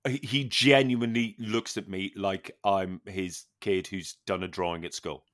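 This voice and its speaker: A man co-hosting a casual podcast chat, telling an animated story with plenty of swearing and laughter. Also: low voice, a little slow. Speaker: podcast co-host.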